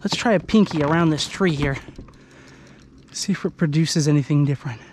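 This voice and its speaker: A man from Idaho giving excited, chatty commentary to the camera while fishing from a kayak on a lake. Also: fairly high pitch, a little fast, a little hiss or hum. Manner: excitable, exclaiming, chatty with viewers. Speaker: fishing vlogger. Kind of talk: casual outdoor commentary to camera. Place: kayak on an open lake outdoors. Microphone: handheld camera.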